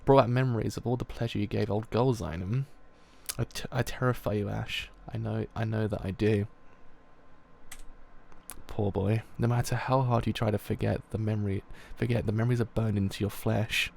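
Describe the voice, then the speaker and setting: A man voicing a menacing, taunting older male army colonel while reading a comic aloud, in a low, soft, gloating tone. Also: steady tone, moderate pace, gravelly.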